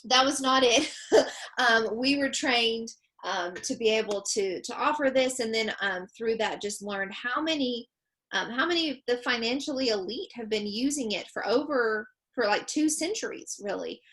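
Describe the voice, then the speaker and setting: A woman with a fairly high voice hosts a webinar from home. She talks in an upbeat, chatty way, laughing often and filling pauses with ums. The sound comes through a video call. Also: a bit bright. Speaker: webinar co-host. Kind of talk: casual presentation.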